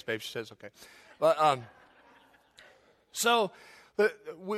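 Male pastor, high bright voice, comic sermon storytelling, chuckles at his own jokes. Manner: laughs often at his own stories, animated.

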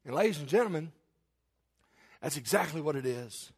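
This is a male pastor, delivering a passionate sermon in a notably high voice. He stretches out key phrases, presses toward shouted emphasis, and checks in with his congregation for amens. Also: animated, normal speed, slightly rough. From Kentucky. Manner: impassioned preaching, building to shouted emphasis, calls for amens.

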